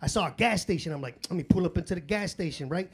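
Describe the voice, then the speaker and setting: A man's voice: high voice, fast talker, gravelly, husky. A man doing live stand-up, telling loose, profane stories in street slang and acting out his own and others' voices. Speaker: stand-up comedian. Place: comedy club stage. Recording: live club recording with room noise.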